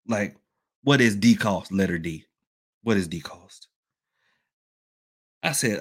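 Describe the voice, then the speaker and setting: A man's voice: on the low side, animated, slow, long pauses, breathy edge. Rambling man hosting a podcast. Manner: rambling, repeats himself, addresses listeners as y'all. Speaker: podcast host and hoodoo worker. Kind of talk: casual open-topic podcast talk.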